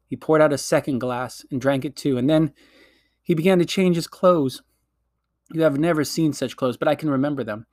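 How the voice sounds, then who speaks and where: A man's voice: fairly high pitch, darkish tone, no room sound, clean studio sound. Man reading a children's storybook aloud. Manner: measured, storytelling delivery. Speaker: narrator.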